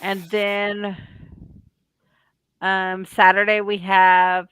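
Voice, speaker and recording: A woman joining a casual podcast chat, measured and unhurried. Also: mid-range voice, monotone, a bit bright, clean tone, no echo.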